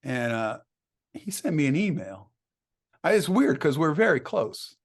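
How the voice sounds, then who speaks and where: A man with a gravelly voice sitting a bit high for a male speaker spins casual anecdotes as an interview guest. He laughs often and slips into the voices of the people he quotes. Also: a little slow. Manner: animated, laughs often, acts out quoted dialogue.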